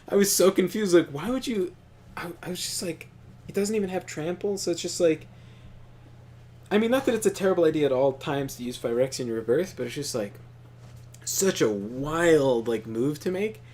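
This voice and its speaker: A man's voice: a little high, moderate pace, slight background noise. A young man co-hosting a gaming video, telling stories with lots of swearing and laughter while he plays. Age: young adult. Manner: profane, laughing, animated storyteller. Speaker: gaming channel co-host. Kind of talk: casual gameplay commentary and storytelling.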